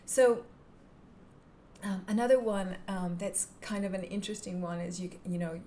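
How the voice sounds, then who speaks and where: A woman teaching hypnotherapy technique in a calm, gentle manner, sometimes dropping into a soft whisper. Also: medium pitch, normal speed, a little hiss or hum. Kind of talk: instructional talk to camera.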